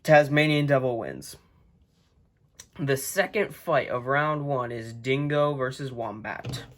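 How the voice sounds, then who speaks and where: A man's voice: medium pitch, lively intonation, takes it slowly. A man hosting a video, reading a children's book aloud in a casual way, often tripping over words and chuckling as he goes, recorded on a phone.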